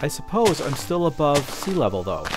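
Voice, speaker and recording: A man's voice: on the high side, big pitch swings, normal speed, music in the background. A man hosting a casual let's play, chatting playfully as he goes and talking to objects in the game.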